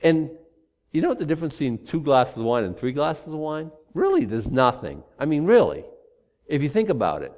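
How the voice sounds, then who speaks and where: A middle-aged male preacher with a fairly high voice that swings widely in pitch. He preaches loosely and animatedly, slipping into the voices of people talking themselves into excuses. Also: a little fast. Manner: animated, acts out rationalizing voices. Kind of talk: sermon.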